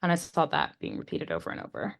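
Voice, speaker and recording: A woman's voice: lowish voice, very animated, quick pace. Playful woman podcast co-host. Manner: playful, teasing, laughs easily. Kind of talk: casual chat about a TV series.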